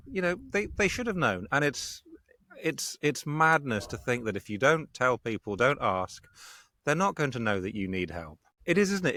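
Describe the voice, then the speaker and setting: A man hosting a podcast, talking earnestly and reflectively with halting restarts. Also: medium pitch, a bit bright, no room sound, studio quality. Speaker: podcast host.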